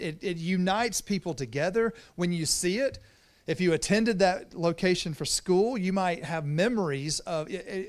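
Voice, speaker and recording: A man preaching a sermon as pastor, in a conversational way, often repeating words as he restarts. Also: fairly high pitch.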